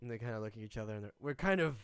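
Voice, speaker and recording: A man's voice: medium pitch, animated, rapid-fire, clear, resonant tone, no echo. A man narrating as game master in a tabletop game, rambling with many restarts. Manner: rambling, frequent restarts and fillers.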